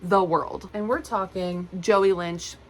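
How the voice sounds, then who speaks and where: A woman's voice: fairly low pitch, steady tone, slow pace, slight background noise, rough recording. A young woman vlogging about her favourite books, gushing and repeating herself as she talks straight into her phone camera. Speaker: book vlogger. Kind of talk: casual enthusiastic book talk.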